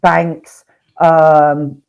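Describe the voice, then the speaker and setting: A woman's voice: low voice, flat delivery, very slow, creaky, clear, resonant tone, muffled recording. Chatty Nottingham woman, full of slang. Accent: Nottingham English. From Nottingham, England. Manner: chatty, swears freely, slips into slang. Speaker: co-host, real estate professional. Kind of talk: casual podcast chat.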